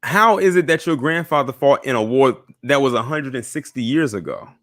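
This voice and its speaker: Young man, casual commentary host, animated, scoffing asides, talks to viewers. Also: mid-range voice, moderate pace. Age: young adult. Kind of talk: casual news commentary monologue.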